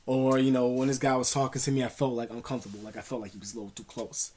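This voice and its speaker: Guy ranting advice to camera, cussing a lot, slangy and rambling, average pitch. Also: level tone, rapid-fire, darkish tone. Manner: profane, rambling, street-slang talk with many fillers. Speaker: vlogger. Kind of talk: casual advice monologue.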